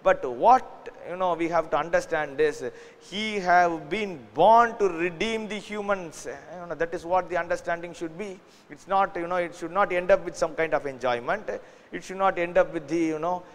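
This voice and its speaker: A man's voice: a little high, big-room sound. A male pastor preaching a sermon in an earnest way, with frequent fillers and loose grammar. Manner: earnest, many "you know" fillers, non-native grammar.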